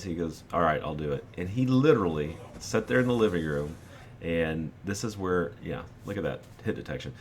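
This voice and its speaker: A man's voice: sits low, animated, fairly quick, slight background noise. A man in his forties hosting a gaming channel, telling a rambling personal anecdote over gameplay and acting out the quotes.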